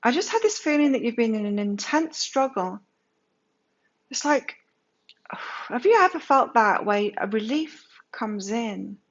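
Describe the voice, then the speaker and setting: A woman's voice: on the high side, lively intonation, a little slow, dull audio. A woman giving a casual tarot reading to her viewers, speaking candidly and swearing now and then. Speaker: tarot reader.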